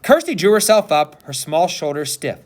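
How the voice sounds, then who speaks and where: Man reading a novel aloud, expressive. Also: a little high, moderate pace. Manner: expressive, animated storytelling. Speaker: teacher.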